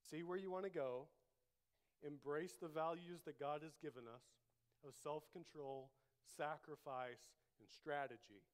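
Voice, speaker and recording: A man preaching a sermon as pastor, emphatic, repeating key phrases and leading the congregation to say them back. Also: on the high side. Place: church.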